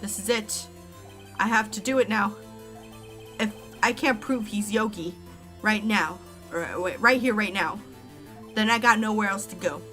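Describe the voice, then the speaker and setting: A woman's voice: medium pitch, unhurried, pauses often, pushed and bright, soft background music. A woman voicing an earnest young male defense lawyer in a courtroom video game, determined and plain-spoken.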